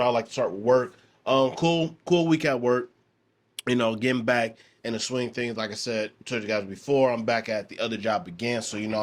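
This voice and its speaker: A man's voice: medium pitch, a bit bright. A man hosting his own podcast in a casual, rambling way, with many fillers and restarts. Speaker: podcast host.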